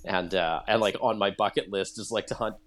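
Man from Canada, low voice, animated storyteller, casual podcast chat. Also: a little fast. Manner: storytelling, animated, laughs often. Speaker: podcast guest. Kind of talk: casual conversation.

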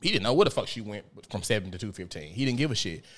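A man hosting a casual talk show, telling lively stories, swearing and laughing often. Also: on the low side, fast talker. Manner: animated storyteller, profane, laughs often. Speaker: podcast host. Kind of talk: casual conversation.

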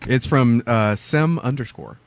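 Male co-host, southern US, mid pitch, dry wry delivery. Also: unhurried. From southern United States. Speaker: podcast co-host. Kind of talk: casual banter, reading listener mail.

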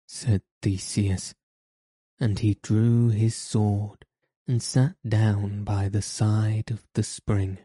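Slow, dark-voiced male storyteller. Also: lowish voice, breathy edge, no echo. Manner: steady, measured read-aloud delivery. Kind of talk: storybook narration.

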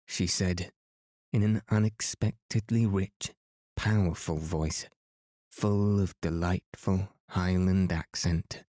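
A man narrating a classic novel as a calm sleep story podcast reading. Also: low voice, no room sound, studio quality. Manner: slow, calm and even. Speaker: podcast host and reader.

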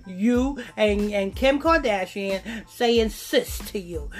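A man hosting a podcast, ranting and mocking in a loud, profane way and laughing at his own jokes. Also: high voice, takes it slowly, soft background music. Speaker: podcast host. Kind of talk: ranting commentary on played clips.

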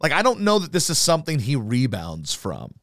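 A man's voice: medium pitch, wildly swooping pitch, brisk, fairly bright tone, no echo, studio quality. A man hosting a solo podcast, ranting in a profane, sarcastic, mocking way. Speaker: podcast host.

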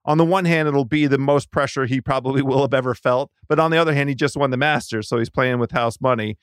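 A man's voice: mid-range voice, quick pace, clean tone, no room sound. Podcast guest, male, talkative and rambling, clean resonant voice, dry close sound. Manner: rambling, many restarts mid-sentence. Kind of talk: casual sports chat. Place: Washington DC.

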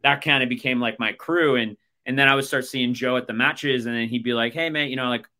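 A bright, forceful-sounding American man in his thirties chats casually as a podcast host. He tells stories at length, looping back with plenty of "um" and "like.". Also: medium pitch, fairly even intonation, a little fast. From United States. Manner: rambling storytelling full of fillers. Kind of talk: casual chat.

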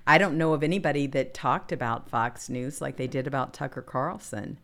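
A woman hosting a casual political talk show, indignant and quick to laugh as she reads quotes and reacts. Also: rumbling low, a bit bright. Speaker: host.

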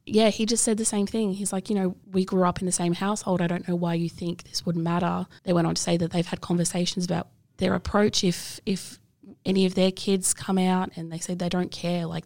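A woman's voice: lowish voice, a little mellow, no echo, studio quality. A young woman telling a personal story in an interview, earnest and open, with frequent fillers. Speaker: interview guest.

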